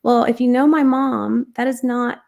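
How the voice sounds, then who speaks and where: A woman's voice: on the high side, steady tone, normal speed, vocal fry, a little mellow. A woman guest earnestly telling a personal testimony in conversation, with frequent ums and restarts. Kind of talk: personal storytelling.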